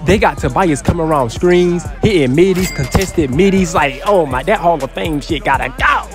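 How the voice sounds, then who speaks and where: A young man commentates his own basketball game with brash, excitable trash talk, his slightly raised voice breaking out into sudden yells. Faint game music plays underneath him. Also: a little high, normal speed. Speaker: gaming YouTuber. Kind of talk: casual gameplay commentary.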